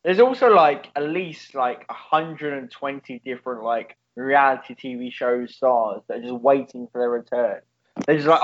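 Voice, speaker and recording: A man's voice: medium pitch, normal speed. A man co-hosting a podcast in casual chat, rambling and swearing, laughing often. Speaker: podcast co-host. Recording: dull lo-fi sound.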